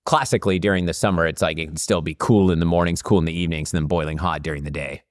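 A man's voice: low voice, fairly even intonation, racing, no echo, clean studio sound. A man hosting a podcast in casual chat, chatty with lots of fillers. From California. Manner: chatty, laughs easily, many fillers. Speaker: podcast host.

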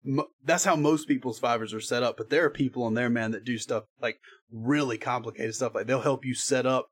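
A man's voice: mid-range voice, fairly even intonation, fairly quick, husky. Man, voice actor guest, casual podcast chat, rambling, laid-back, cursing now and then.

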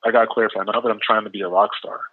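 A Canadian man with a low voice and a relaxed Canadian accent talks loosely as a guest, with lots of fillers. He comes through a tinny, dry phone line. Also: rapid-fire, no room sound. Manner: easygoing, rambling with many fillers. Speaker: rapper guest. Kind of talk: casual interview over the phone.

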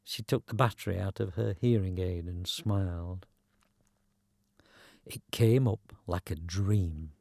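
A man's voice: sits low, slow, vocal fry, a little mellow, dry recording. A man narrating a story in a dry, wry, conversational way.

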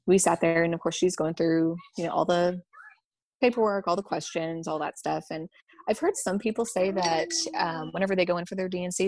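A young adult woman candidly telling a personal story, halting and full of ums and you-knows. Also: lowish voice, vocal fry, darkish tone, dry recording. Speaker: vlogger sharing a personal story.

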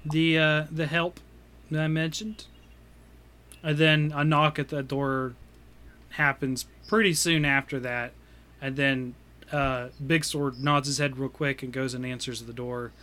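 A man narrating as game master for a tabletop game, relaxed, with many fillers. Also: mid-range voice, unhurried.

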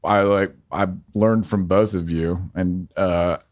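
A man's voice: sits low, fairly even intonation, takes it slowly, a little mellow. A man who is a filmmaker guest on a podcast, talking reflectively and searching for his words. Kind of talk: casual podcast chat.

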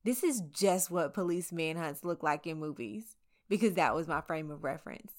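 A woman's voice: low voice, animated, normal speed. A woman reporter from the American South narrating her own story in a candid, conversational way with wry asides. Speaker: local TV reporter. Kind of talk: scripted first-person narration.

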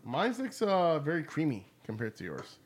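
A man's voice: a little high, wildly swooping pitch, normal speed, breathy edge. A man co-hosting a casual beer tasting chat, laid-back and teasing, swearing casually. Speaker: beer review podcast co-host.

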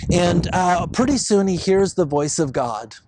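A man's voice: high voice, animated, unhurried, very noisy. A male pastor retelling a story in a casual, conversational sermon, with fillers and asides.

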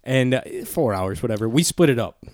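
A man's voice: mid-range voice, animated, a little fast, darkish tone, dry recording, clean studio sound. A man co-hosting a casual podcast, laid-back, laughing often and swearing freely. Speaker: podcast co-host. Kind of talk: casual chat.

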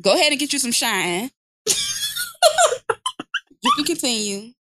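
A woman's voice: fairly high pitch, expressive, fast, heavy background noise. A woman co-hosting a casual podcast, talking bluntly and profanely and laughing often. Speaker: podcast co-host.

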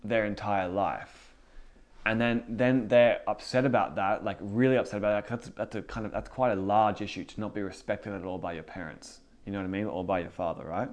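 A young man with a fairly low voice teaches in a relaxed, conversational way, like a youth pastor talking to his group. He fills his talk with "like" and often repeats words as he goes. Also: a little fast. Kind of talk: casual spoken teaching.

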